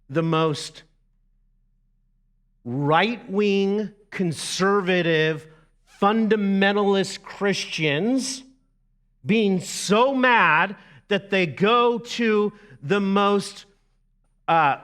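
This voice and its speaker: A middle-aged man, a lead pastor preaching a sermon in a lively, conversational way with asides to the congregation. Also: high voice.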